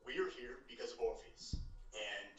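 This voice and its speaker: A man playing a tabletop game, speaking in character in a measured, earnest way. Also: medium pitch, a bit bright, muffled recording. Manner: measured, earnest planning speech. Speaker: player. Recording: roomy, distant mic with faint noise.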